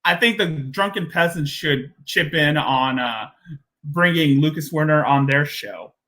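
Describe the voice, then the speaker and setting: A man hosting a reaction commentary, mocking and sarcastic, with jumpy high exclamations. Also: a little slow, bright, forceful tone. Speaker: commentary host.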